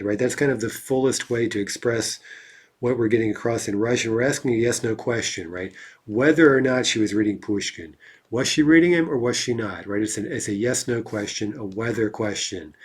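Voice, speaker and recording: Husky-voiced man teaching grammar. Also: medium pitch. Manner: tags explanations with a questioning "right?". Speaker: language teacher. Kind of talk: explanatory grammar lecture.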